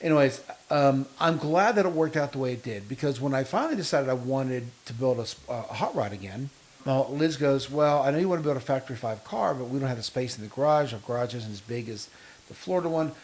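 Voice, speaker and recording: A man co-hosting a casual podcast chat, telling long, animated anecdotes full of quoted dialogue. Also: mid-range voice, fast talker. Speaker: podcast co-host.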